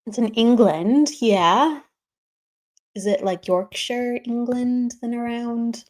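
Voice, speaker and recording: On a remote streaming setup, a livestream host runs a spiritual broadcast, her voice high-leaning, steady, slow and a little mellow. She keeps things casual, greeting viewers by name and laughing frequently.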